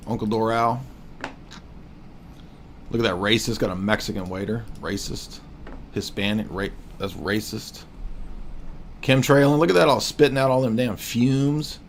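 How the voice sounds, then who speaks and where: A man in his forties hosts a casual livestream, mocking and joking as he rambles through his commentary. His voice sits at an ordinary, mid-range pitch. He restarts his sentences often. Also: a little slow, pauses often, a little hiss or hum. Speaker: livestream host.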